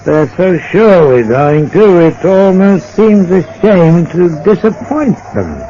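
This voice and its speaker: An unhinged vengeful bridge worker. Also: male voice, sits high, lively intonation, dark tone. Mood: gloating. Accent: Australian. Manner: taunting, gloating, drawn-out menace. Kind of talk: 1940s radio acting. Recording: dull old radio transcription with faint hiss.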